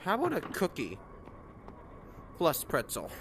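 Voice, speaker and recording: A man's voice: on the high side, wildly swooping pitch, a little slow, noisy background. A man playing a VR cooking game, muttering and reacting sarcastically as he plays. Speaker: gameplay streamer. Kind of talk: casual gameplay commentary.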